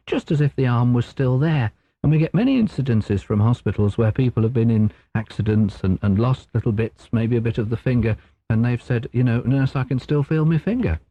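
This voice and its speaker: An English man, a clairvoyant guest, explaining his ideas in a measured way on a radio phone-in. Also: lowish voice, mellow, no room sound. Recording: dull lo-fi radio broadcast.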